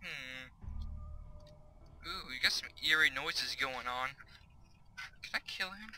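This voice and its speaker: A man's voice: a little high, big pitch swings, slow, creaky, bright, forceful tone, a little hiss or hum, poor audio. A young man giving casual, chatty let's-play commentary from his bedroom, reading on-screen tips aloud. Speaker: gaming YouTuber. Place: home bedroom.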